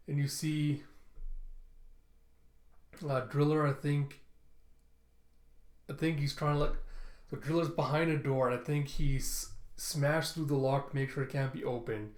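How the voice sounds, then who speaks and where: A man's voice: on the high side, steady tone, a little slow, pauses often. Brief: casual male comic reviewer, chatty retelling, roomy sound. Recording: roomy echo.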